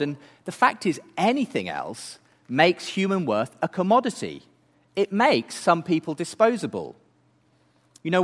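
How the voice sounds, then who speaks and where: A man's voice: a little high, in a large hall. A man giving an earnest talk, building his case through rhetorical questions. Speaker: speaker. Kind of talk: apologetics talk.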